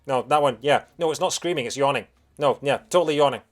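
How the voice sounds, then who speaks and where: A man runs casual let's play commentary in a fast, mid-range voice. He's chatty and excitable, humming tunes and throwing in playful asides.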